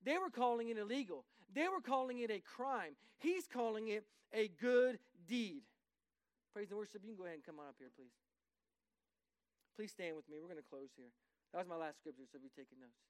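A man's voice: very high-pitched, no echo. A man preaching a sermon to his congregation in bursts of rising emphasis, with asides to the room. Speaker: pastor.

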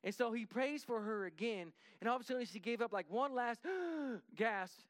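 A man telling a story in a conversational way, lively and full of restarts and repetitions, often dropping his voice to act out what people said. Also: high-pitched, a little fast, no echo. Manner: lively, acts out dialogue, drops to a hushed voice for quotes.

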